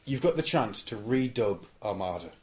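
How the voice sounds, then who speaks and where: Low-voiced man in casual chat. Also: expressive, moderate pace, darkish tone. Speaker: podcast co-host.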